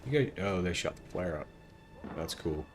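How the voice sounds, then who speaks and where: Low-voiced guy chatting over gameplay. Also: animated, moderate pace, faint music behind. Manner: chatty, jokey, thinks aloud. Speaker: gaming streamer. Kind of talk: casual gameplay commentary.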